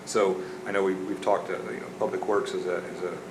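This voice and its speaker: In an echoey council chamber with background noise, a city council member thinks aloud during discussion, often repeating words as he goes. His voice is low-pitched with little pitch movement, and he speaks fairly quickly.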